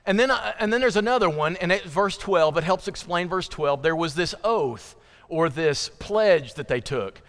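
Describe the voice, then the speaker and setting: A man's voice: high-pitched, lively intonation, normal speed, fairly bright tone. A man preaching a conversational sermon in a church, with joking asides and frequent restarts. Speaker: pastor. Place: church sanctuary. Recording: long reverb of a large church hall.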